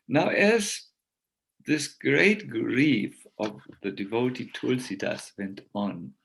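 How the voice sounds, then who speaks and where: Swami telling a sacred story, slow, lots of ums, gravelly voice. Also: male voice, mid-range voice, big pitch swings, a bit bright, a little hiss or hum, low-quality recording. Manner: slow, hesitant with many fillers. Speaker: visiting swami, speaker. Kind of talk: sermon storytelling. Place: temple festival talk.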